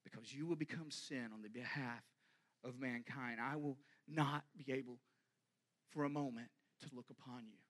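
A man preaching a sermon, swinging dramatically between hushed, near-whispered lines and loud, rising declarations. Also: mid-range voice, steady tone, normal speed.

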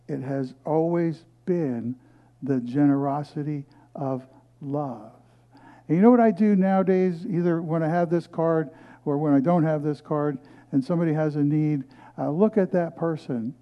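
Middle-aged preacher man, slightly high voice, story-driven sermon, lo-fi sound. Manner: storytelling preacher, swings from loud scripture reading to hushed asides. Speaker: pastor.

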